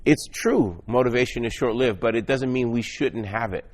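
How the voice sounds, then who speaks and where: A man's voice: medium pitch, moderate pace. Earnest man giving a motivational sermon. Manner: earnest, exhorting, stumbles and repeats words. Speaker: motivational Christian speaker.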